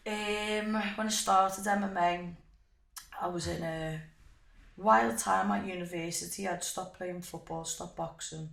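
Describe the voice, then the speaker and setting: Gravelly, lively young woman. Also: fairly low pitch, a little slow. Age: young adult. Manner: animated storyteller, swears freely. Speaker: guest fighter. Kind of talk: casual interview chat. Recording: echoey room.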